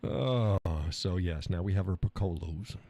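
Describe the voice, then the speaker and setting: A man's voice: low-pitched, measured pace, vocal fry, dark tone, dull audio. A man hosting a live stream, rambling and chuckling as he reads viewer comments. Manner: chuckling, rambling, joking with profanity. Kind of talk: casual chat reading viewer comments.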